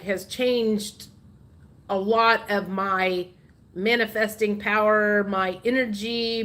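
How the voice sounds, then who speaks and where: A woman's voice: on the high side, a bit bright. A woman hosting a casual tarot livestream, chatting and reading viewer comments aloud, laughing often.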